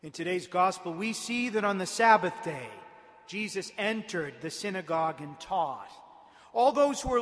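High-voiced priest preaching in an echoing church. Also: male voice, pushed and bright. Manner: emphatic preaching with slow stressed phrases. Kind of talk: Gospel reading and homily. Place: large church. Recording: reverberant church hall.

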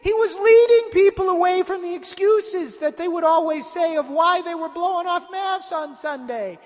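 A screeching old country priest, preaching in a grating, shrill voice. The pitch sits very high. A long church-hall reverb trails every word. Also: male voice, normal speed.

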